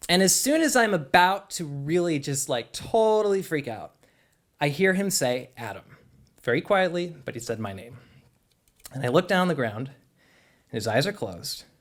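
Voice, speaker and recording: A young man telling a personal story live on stage, in an animated, conversational way with lots of "like". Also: on the high side, normal speed.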